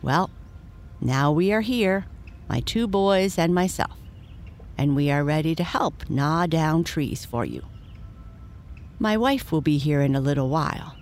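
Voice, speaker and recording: A storyteller voicing a kindly, patient father beaver in a bedtime storybook, explaining things slowly. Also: mid-range voice, expressive. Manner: instructive, patient.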